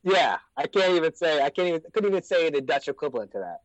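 An American man telling stories in a casual chat, laid-back and profane, often trailing off into low asides. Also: big pitch swings, fast, dry recording. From United States. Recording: dry, dull lo-fi sound.

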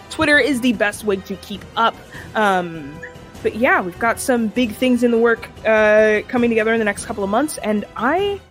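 A fairly high-voiced woman runs a tabletop game stream and signs off the night in a loose, chatty way. She laughs often and fills her sentences with ums and uhs. Soft music plays quietly behind her. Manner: laughing, rambling with many fillers. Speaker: game master. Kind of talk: casual sign-off chat.

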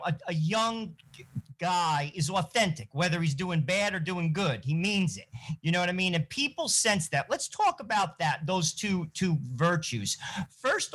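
Lively-toned male interviewer. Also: high-pitched. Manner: conversational, easygoing questioning. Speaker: podcast co-host. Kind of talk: interview questions.

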